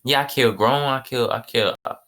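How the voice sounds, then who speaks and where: A man's voice: medium pitch, normal speed, pushed and bright, voice pushed up, lightly acted. A man playing a defiant, ruthless anime hero. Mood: boastful. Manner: defiant, demanding, slangy street talk. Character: hot-tempered ruthless young male anime hero.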